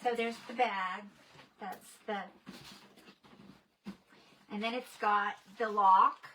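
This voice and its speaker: Bright-voiced gushing woman. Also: medium pitch, takes it slowly, a little hiss or hum. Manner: gushing and excitable, chatty asides to viewers. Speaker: livestream host. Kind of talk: casual livestream chat.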